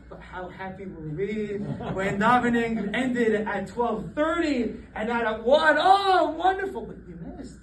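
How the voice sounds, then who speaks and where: A rabbi giving a Torah class, lively and often laughing as he acts out the people in his stories. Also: sits high. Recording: echoey room, voice from a distance, faint background noise.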